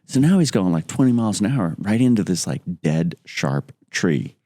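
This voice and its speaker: A middle-aged man tells a loose, rambling story as a podcast guest, peppering it with "like" and lively acted-out quotes. His voice sits low and dark with a mellow tone. The sound is dry, with no room around it. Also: normal speed, dry recording. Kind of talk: casual anecdote storytelling.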